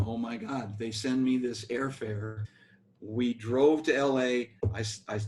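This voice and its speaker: A man's voice: medium pitch, darkish tone, a little hiss or hum. Older man telling band stories. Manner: rambling anecdotal storytelling with restarts. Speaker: guest musician, bass player. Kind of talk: storytelling interview.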